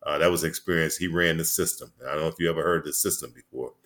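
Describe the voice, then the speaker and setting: A man in his sixties with a low, deep voice tells stories in a relaxed interview. He rambles from one memory to the next and leans on "you know" and quick restarts. His delivery is easygoing and conversational. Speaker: former basketball player and coach, guest. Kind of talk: casual storytelling interview.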